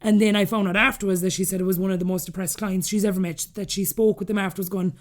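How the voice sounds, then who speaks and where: A woman in her thirties with an Irish accent, a podcast guest telling her story candidly and acting out the dialogue she quotes. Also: medium pitch. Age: 30s. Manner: rapid, animated, acts out quoted dialogue.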